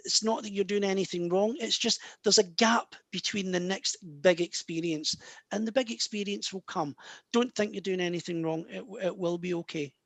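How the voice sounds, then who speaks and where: A high-pitched man from Scotland, speaking with a Scottish accent, works as a medium answering audience questions in casual talk. He's friendly and reassuring, calling listeners "guys" and "love," and the recording has no echo.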